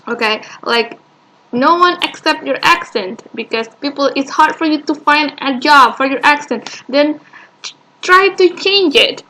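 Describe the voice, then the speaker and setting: A woman hosts a casual reaction video, hesitant and dismissive as she works through her thoughts with many fillers. Her voice is high and bright, and she speaks slowly. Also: animated, poor audio.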